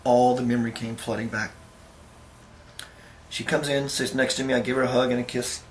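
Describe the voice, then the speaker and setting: A man with an average-pitched voice talks in a loose, relaxed way, with plenty of ums and restarts. He acts out the voices of people in his story. A faint hiss sits behind him. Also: brisk. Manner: relaxed, anecdotal, with fillers and restarts. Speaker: spiritual teacher. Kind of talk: casual storytelling talk to camera.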